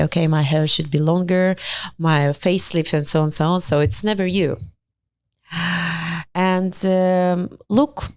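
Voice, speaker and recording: Woman podcast host, lowish voice, dry close studio sound, chatty non-native English, animated asides. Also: clear, resonant tone, no room sound. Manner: expressive, acts out little quoted dialogues; non-native English with small grammar slips. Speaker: podcast host and astrologer-matchmaker. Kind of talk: casual monologue.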